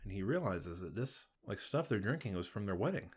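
Podcast co-host, man, plain and steady, walks through plot points. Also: fairly low pitch, a little fast, husky. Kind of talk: casual TV recap narration.

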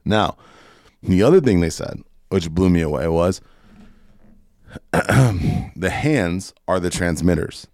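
A man's voice: low voice, animated, slow pace, long pauses, darkish tone, no echo, studio quality. A man hosting a podcast, ranting casually and emphatically with plenty of profanity. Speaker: podcast host. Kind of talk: casual opinionated podcast rant.

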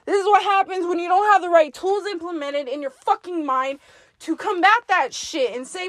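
A woman's voice: extremely high pitch, moderate pace, fairly bright tone, a little hiss or hum. Blunt, profane woman giving herself a pep talk. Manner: talks to herself in second person. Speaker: podcast host. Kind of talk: self-directed pep talk monologue.

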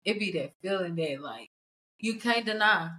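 A woman guest in a casual faith conversation, responding with supportive, quick affirming interjections. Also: medium pitch, animated, pushed and bright.

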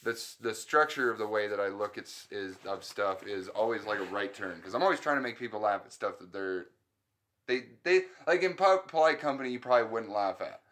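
A man's voice: fairly low pitch, animated, fairly quick, a bit bright. A man chatting casually as a stand-up comedian, rambling through his thoughts with restarts and swearing. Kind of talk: casual chat.

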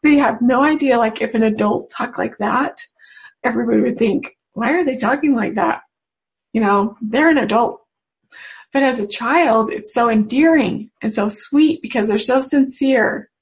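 A woman, a mother, speaking to a webinar audience in a personal spiritual talk, earnest and confiding, with unhurried pauses. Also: on the high side, rough recording. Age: adult mother. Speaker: webinar presenter.

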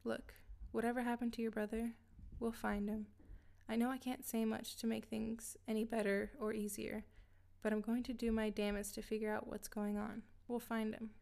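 A woman reading the lines of a calm, reassuring male federal agent in a story narration. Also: on the high side, normal speed, gravelly.

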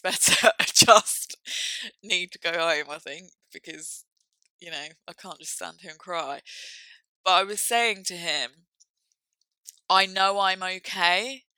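Woman, young adult, candid reflective monologue, lowish bright voice. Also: no echo, poor audio. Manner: reflective, frank, halting with fillers.

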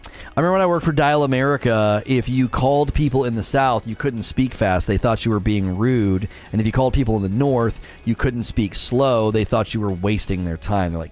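A man's voice: a little fast, faint music behind. A man chatting casually on a live stream while playing a game, reading viewer messages aloud and answering them. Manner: chatty, reads chat aloud, animated swings in pitch.

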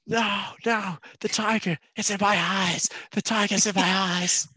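A man's voice: high-pitched, steady tone, unhurried, pushed and bright, breathy edge, no room sound, voice pushed up, full character voice. A man doing a panicky, overwrought impression of a frantic male movie star. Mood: panicked.

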